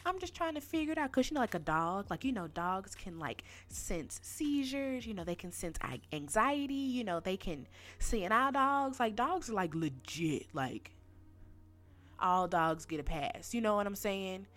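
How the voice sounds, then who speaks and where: A woman hosts her podcast in a casual, ranting monologue. Her speech is slangy and animated, and she keeps speaking directly to her listeners, with faint music in the background. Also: medium pitch, moderate pace. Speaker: podcast host.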